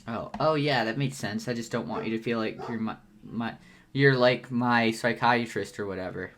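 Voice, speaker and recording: A man's voice: medium pitch, moderate pace, a bit bright, slight background noise, close to an everyday voice. A man reading as a nervous, rambling young man. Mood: awkward. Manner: hesitant, stumbling, self-conscious rambling. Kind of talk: fan read-aloud role-play.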